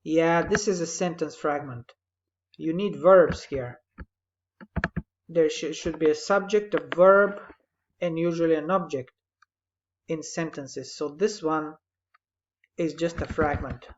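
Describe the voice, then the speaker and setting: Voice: medium pitch, takes it slowly, pauses often. Brief: patient writing tutor giving feedback on a summary, slightly dull lo-fi recording with faint background noise. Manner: patient, explanatory, gently correcting. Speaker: English writing teacher.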